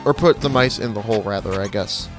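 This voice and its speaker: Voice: sits low, fast talker, over music. A gamer giving casual, offhand, slightly sardonic commentary while playing. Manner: chatty, offhand, a bit sardonic. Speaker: let's play gamer.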